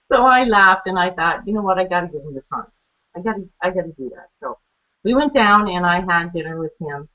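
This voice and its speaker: A woman's voice: fairly low pitch, lively intonation, normal speed. A woman telling her own story on a training call, chatty, laughing often and acting out the conversations she recalls. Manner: chatty, laughs often, acts out quoted exchanges. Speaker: guest speaker on a training call. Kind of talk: personal testimony. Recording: phone-line audio.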